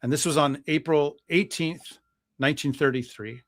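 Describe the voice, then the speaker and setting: A man, a priest, relating a history story with animated energy and frequent fillers. His voice sits a bit high and sounds dry and close, with no room echo. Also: moderate pace. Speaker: guest priest.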